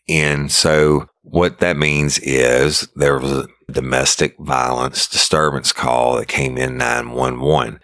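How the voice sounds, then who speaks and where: A man's voice: rumbling low, a bit bright, no echo, clean studio sound. A middle-aged man, a former deputy hosting a podcast, telling true-crime stories in a casual, vivid way and acting out radio calls.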